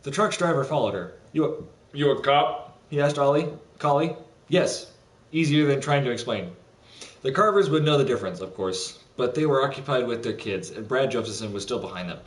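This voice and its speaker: A man's voice: medium pitch, animated, distant mic. A man on a gaming livestream, joking with his co-host and then reading a novel aloud with some stumbles. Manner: jokey banter, reads a novel aloud haltingly. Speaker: streamer. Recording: roomy sound from away from the mic.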